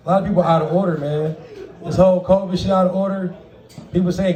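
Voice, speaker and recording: A man's voice: high voice, fairly even intonation, fast talker, mellow, roomy sound, recorded from a distance. A man performing a profane stand-up comedy set, laughing often and acting out the people in his stories. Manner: profane, laughing, acts out quoted voices. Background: audience laughter.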